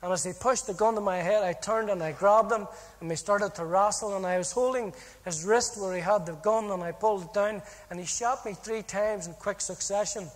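A man with a Northern Irish accent giving a personal testimony, telling his story in an animated, humorous way and acting out the dialogue. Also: sits high, moderate pace. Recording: long hall reverb.

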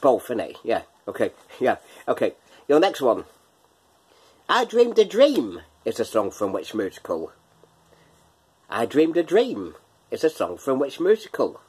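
A man's voice: mid-range voice, wildly swooping pitch, measured pace, pauses often, darkish tone, slightly rough. A man hosting a casual quiz from his kitchen, chatty, laughing often and breaking into bits of song. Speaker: quiz host. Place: home kitchen.

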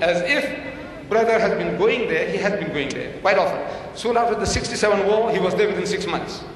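A man's voice: sits high, distant mic, a little hiss or hum. An older man giving an emphatic public debate speech, quoting and mocking his opponent. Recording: echoey hall recorded from afar.

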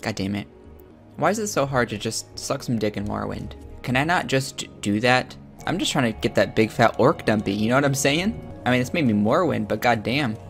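Crude, excitable man gaming. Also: mid-range voice, fairly quick, vocal fry, soft background music. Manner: crude, joking, with excited outbursts. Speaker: gamer streaming his own play. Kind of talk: profane let's-play commentary.

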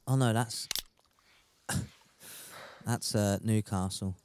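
A man's voice: medium pitch, animated, unhurried, slight background noise. A man streaming a survival game, chatting casually, joking, swearing and trying out put-on accents. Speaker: gaming streamer. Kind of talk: casual gameplay commentary.

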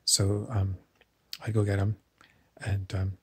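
A man's voice: lowish voice, little pitch movement, slow, no echo. A man telling meandering, digressive stories in a casual monologue to camera. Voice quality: husky.

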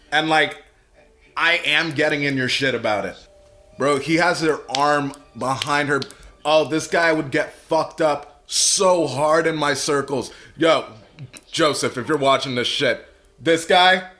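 A man giving a casual, profane reaction commentary while watching a movie, blurting out excited remarks. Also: a little high. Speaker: reaction video host.

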